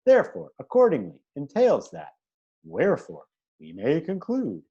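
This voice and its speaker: Man, teacher, informal lecture, lively pitch, chatty, keeps checking in, self-correcting. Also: moderate pace, breathy edge, highs cut off. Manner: chatty, checks in with "right?" and "okay?"; self-correcting, with fillers and restarts.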